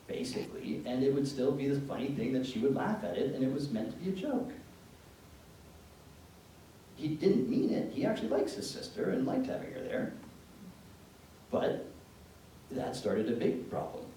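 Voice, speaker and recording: A Canadian man lecturing parents in a big echoey room, picked up from across the space with a faint hiss behind him. His mellow voice rises and falls a lot as he tells stories and acts out the people in them. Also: medium pitch, moderate pace, pauses often, recorded from a distance. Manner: lively storyteller, acts out dialogue in changed voices. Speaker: psychologist giving a talk to parents. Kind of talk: informal lecture with acted-out anecdotes. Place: meeting room, large and echoey. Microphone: room mic from a distance.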